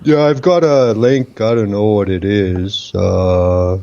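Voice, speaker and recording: A man's voice: on the low side, steady tone, slow, vocal fry, warm tone, muffled recording, slight background noise. A man from Canada, co-hosting a radio chat show in a blunt, sardonic way and swearing freely. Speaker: radio co-host.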